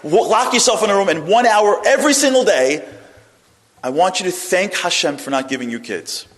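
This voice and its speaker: A man's voice: high-pitched, expressive, moderate pace, a bit bright, voice pushed up. A man voicing a blunt, teasing rabbi who gives unexpected advice. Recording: long hall reverb.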